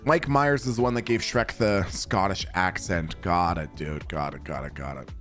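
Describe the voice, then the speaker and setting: A man's voice: sits low, normal speed, few pauses, fairly bright tone. A young man streaming a game and chatting casually with viewers, laid-back, swearing and laughing a lot. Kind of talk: casual chat while gaming. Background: game music.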